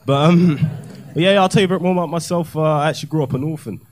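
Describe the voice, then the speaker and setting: High-voiced young comic. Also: male voice, very fast. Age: young adult. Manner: deadpan, self-mocking, slangy. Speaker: stand-up comedian. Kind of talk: stand-up set. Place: comedy club stage.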